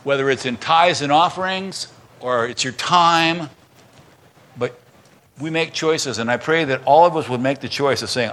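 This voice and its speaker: Male pastor, sermon delivery, bright voice, mid pitch, conversational with restarts. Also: moderate pace. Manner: conversational preaching with restarts and acted quotes.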